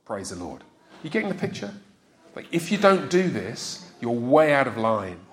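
A man's voice: mid-range voice, very animated, moderate pace, fairly bright tone, a little hiss or hum. A man preaching a teaching sermon to a congregation, emphatic and quizzing his listeners as he explains scripture.

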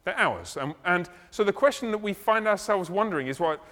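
A man's voice: high voice, expressive, a little fast, sharp tone. Conversational male preacher in a hall. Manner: conversational, explaining, slips into acted asides. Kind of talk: expository sermon. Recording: long hall reverb.

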